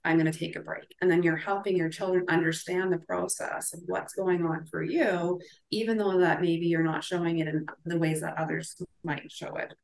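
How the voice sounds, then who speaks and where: A woman's voice: on the low side, steady tone, moderate pace, gravelly, poor audio. A woman talking casually about parenting, earnestly acting out the things a parent might say to herself. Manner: earnest, acts out quoted self-talk. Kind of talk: casual podcast chat.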